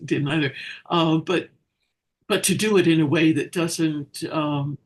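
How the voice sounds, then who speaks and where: Higher-voiced, thoughtful man co-host. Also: steady tone. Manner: thoughtful, hesitant, measured. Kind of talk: casual spiritual discussion.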